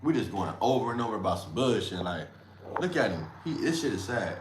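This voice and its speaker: A man's voice: on the low side, big pitch swings, brisk, noisy background. A man hosting a livestream, talking loosely in slang and trash-talking with frequent laughs. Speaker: livestream host. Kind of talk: casual livestream commentary. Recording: echoey room with faint ambience.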